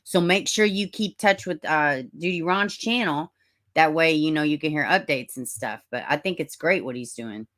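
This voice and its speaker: Low-voiced Southern woman livestreaming. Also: moderate pace, fairly bright tone. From Middle Tennessee, US. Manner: chatty, drawling, greets viewers as honey and baby. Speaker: true-crime livestream host. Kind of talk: casual livestream chat reading comments.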